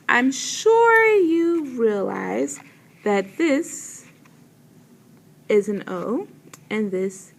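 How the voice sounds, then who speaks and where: Woman teacher going real slow, a bit high, saying each word twice. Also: very animated, gravelly, a little hiss or hum. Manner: slow, careful pronunciation with words repeated twice. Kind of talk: vocabulary pronunciation lesson.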